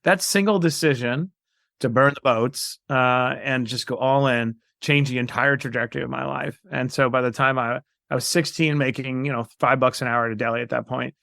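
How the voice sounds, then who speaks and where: Gravelly-voiced storytelling man. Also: medium pitch, normal speed, no echo, studio quality. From New York, USA. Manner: animated, acts out quoted voices. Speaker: guest. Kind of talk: storytelling interview.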